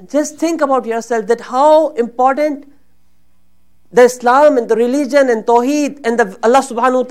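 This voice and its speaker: High-voiced woman giving an earnest sermon. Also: a little mellow. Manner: earnest, rises and grows emotional when voicing supplications. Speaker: religious speaker.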